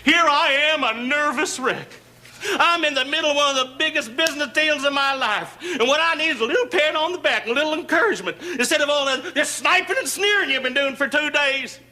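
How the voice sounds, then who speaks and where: An actor playing a blustering, put-upon middle-aged husband who turns huffy and indignant. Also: male voice, extremely high pitch, a little fast, pushed and bright, full character voice. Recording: noisy TV sitcom audio, audience laughing.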